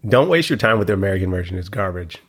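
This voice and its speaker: A man's voice: low voice, lively intonation, racing, slightly rough. A man co-hosting a podcast in casual chat, explaining things in a loose, talkative way with lots of "like". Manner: chatty, explains things with frequent "like". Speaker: podcast co-host.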